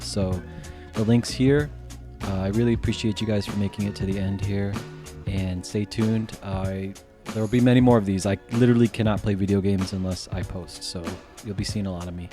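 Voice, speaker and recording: A man giving casual commentary on his own game, rambling with lots of fillers and swearing freely. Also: lowish voice. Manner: rambling, many fillers, slides into profane ranting. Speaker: gaming YouTuber. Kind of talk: casual gameplay commentary to camera.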